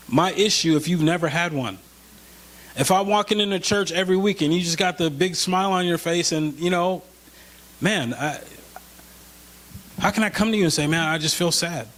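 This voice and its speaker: A male pastor preaching a conversational sermon in a church, slowing down for scripture and rising when he voices a plea. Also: high voice, a bit bright. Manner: conversational, slows for scripture, rises when pleading.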